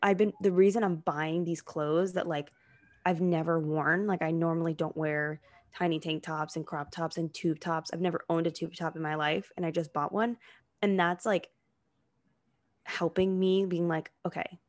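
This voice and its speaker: Young woman podcast cohost rambling casually, kinda low voice, says like a lot. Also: steady tone, moderate pace. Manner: chatty, heavy use of "like" fillers. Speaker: podcast co-host. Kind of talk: casual chat.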